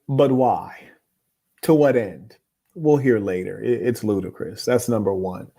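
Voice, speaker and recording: A man hosting an advice show, reading viewer letters aloud and giving blunt, moralizing opinions in a calm, lecturing way. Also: lowish voice, measured pace, creaky, husky. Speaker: host.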